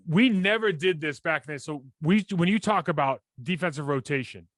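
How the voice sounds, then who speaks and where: A man in his forties co-hosting a casual sports podcast, animated and breaking down plays in detail with many restarts. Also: on the high side, normal speed, dry recording. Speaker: podcast co-host, former NFL lineman.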